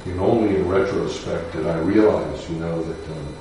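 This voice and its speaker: A man, a defense lawyer, telling a personal story in a measured, somber way with pauses and fillers. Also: deep voice, warm tone, recorded from a distance, a little hiss or hum. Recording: echoey room picked up from afar.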